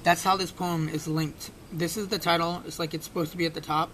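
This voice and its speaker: Brisk, fairly bright, and with little pitch movement, a man talks himself through a puzzle in casual on-screen analysis for his puzzle-solving videos. Fillers and restarts abound. The recording is low quality, with a faint rumble in the background.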